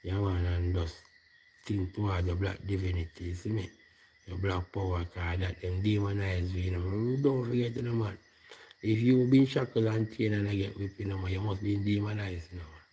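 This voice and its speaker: A man's voice: low voice, flat delivery, normal speed, warm tone, slight background noise. A Jamaican man talking to camera in a loose, rambling monologue full of patois fillers, outdoors at night. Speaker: vlogger.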